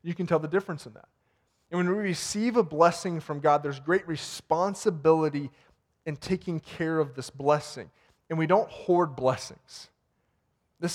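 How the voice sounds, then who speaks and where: A man preaching a sermon in a church in a conversational way, retelling stories and ending in prayer. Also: a little high. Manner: conversational preaching with retold dialogue, repeats words. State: sweating. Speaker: pastor. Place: warm church sanctuary.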